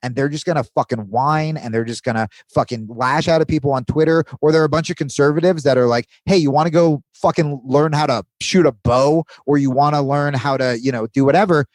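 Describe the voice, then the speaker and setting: A man's voice: a little high, brisk, few pauses, no room sound. Man, podcast guest, earnest, profane, confessional, dry sound. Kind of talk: casual podcast chat.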